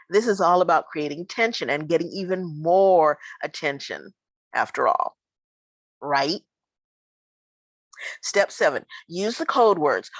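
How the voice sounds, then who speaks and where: A woman's voice: lowish voice, expressive, unhurried, dry recording, poor audio. Emphatic woman performing spoken word poetry. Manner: rhythmic, emphatic delivery with weary refrains.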